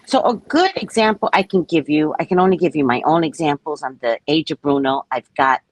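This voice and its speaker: A woman giving a casual spiritual talk as a psychic reader, lively in her stories, slow and hushed when she reads aloud from a book. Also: low voice, no echo, rough recording. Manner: animated, acts out voices in quoted exchanges, then slow and hushed when reading.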